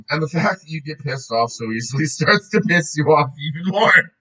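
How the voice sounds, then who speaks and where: A man's voice: on the high side, animated, moderate pace, sharp tone, husky, low-quality recording. A man reading a book aloud in a casual way, often breaking off to joke, swear and laugh.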